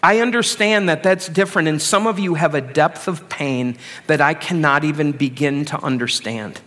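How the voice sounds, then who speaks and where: A man's voice: a little high, normal speed, bright, forceful tone. A middle-aged man preaching a sermon as pastor, conversational and self-deprecating.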